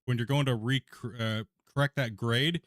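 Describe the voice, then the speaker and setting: A talkative man hosts a livestreamed podcast, speaking casually and turning often to address his viewers. His voice sits at an ordinary pitch and the sound is close and dry, with no room echo. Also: steady tone, normal speed, a bit bright. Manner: chatty, laughing, addresses viewers directly. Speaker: podcast host and streamer. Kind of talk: casual chat with a live audience.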